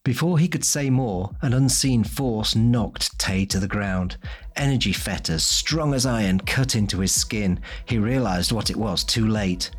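A man narrating a fantasy audiobook in a measured, descriptive way. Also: on the low side, slightly rough. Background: faint music.

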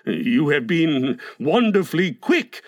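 A man's voice: on the high side, big pitch swings, takes it slowly, fairly bright tone, slightly rough, lo-fi sound, full character voice. A man voicing a pompous, self-pitying middle-aged father in a storybook reading, blustering and indignant.

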